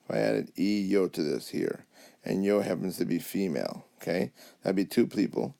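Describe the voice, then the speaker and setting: Here a man with a low, gravelly yet mellow voice gives a Spanish lesson at a normal speed. He checks in patiently, often asking "okay?" or "alrighty?". He's heard through a tablet mic on a whiteboard app.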